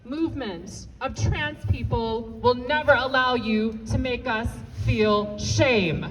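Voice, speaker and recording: High-voiced woman leading rally chants. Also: takes it slowly, big-room sound, a little hiss or hum. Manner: leads call-and-response chants. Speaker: rally speaker. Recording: distant outdoor rally recording with loud crowd. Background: loud crowd.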